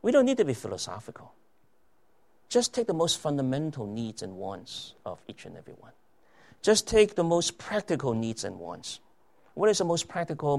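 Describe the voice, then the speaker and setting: A man's voice: a little high, vocal fry. A man preaching a sermon, repeating phrases and asking the congregation rhetorical questions. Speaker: pastor.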